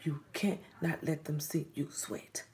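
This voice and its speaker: A woman's voice: low voice, steady tone, measured pace, darkish tone. A woman giving a spiritual reading straight to the listener, preachy and often dropping into a whisper. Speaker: psychic reader.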